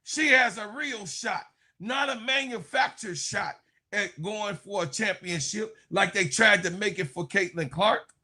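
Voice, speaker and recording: A man's voice: high-pitched, a little slow, pushed and bright. A man giving a heated, profane sports commentary rant, mocking and laughing.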